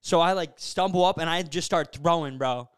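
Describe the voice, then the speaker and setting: High, clear-voiced young man telling a story. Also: normal speed. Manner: animated, filler-heavy storytelling with frequent "bro" and "like". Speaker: podcast host. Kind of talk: casual storytelling chat.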